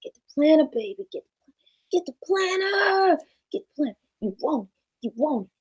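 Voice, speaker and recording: A woman's voice: sits high, sing-song, normal speed, darkish tone, voice pushed up. A woman voicing her own pushy inner voice that coaxes her to buy things, nagging over and over. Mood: coaxing. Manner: coaxing, nagging repetition. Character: pushy wheedling inner shopping voice, female.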